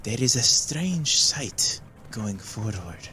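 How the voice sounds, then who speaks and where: A cryptic gnomish fortune teller woman, put on by a man in a tabletop game. She draws out her words slowly and stiffly, never using contractions. The voice is bright. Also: mid-range voice, very animated, a little hiss or hum, heavily acted. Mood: mystic. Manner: slow, stiff speech without contractions. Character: gnomish woman palm reader, cryptic and formal.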